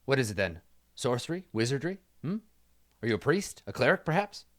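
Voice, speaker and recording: A man playing a stern old male skeleton army commander who speaks in a gruff, measured, probing way. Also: mid-range voice, sing-song, a bit bright.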